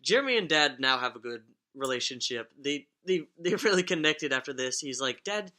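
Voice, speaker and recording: A young man spins stories in a loose podcast chat, his voice swinging widely up and down. The tone is bright and forward, full of swearing and fillers, and he keeps breaking into laughter. Relaxed, rambling, casual. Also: medium pitch, a little fast. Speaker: podcast co-host telling stories.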